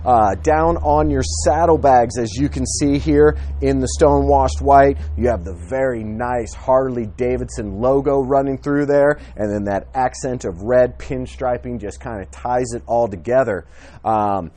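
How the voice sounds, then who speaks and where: Man, dealership presenter, casual outdoor walkthrough, eager and chatty, mid-pitched voice, handheld camera. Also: unhurried, mellow. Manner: friendly, enthusiastic, with frequent fillers.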